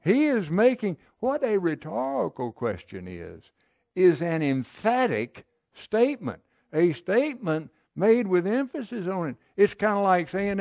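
A man's voice: sits high, big pitch swings, a little slow, gravelly, a little mellow, no echo, clean studio sound. A man preaching a sermon, reading Bible verses and explaining them in an emphatic, conversational way, often checking with listeners.

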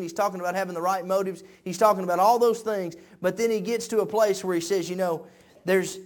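High-voiced preacher building to shouts. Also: male voice. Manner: builds from quiet conversational talk to shouting peaks; repeats words and phrases, preacher cadence. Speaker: pastor. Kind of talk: sermon.

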